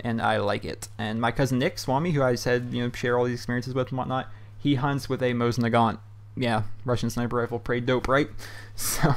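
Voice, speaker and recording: A man from Pennsylvania who is a gaming YouTuber, answering viewer questions in a loose, rambling way with lots of fillers over gameplay. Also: mid-range voice. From Pennsylvania, USA.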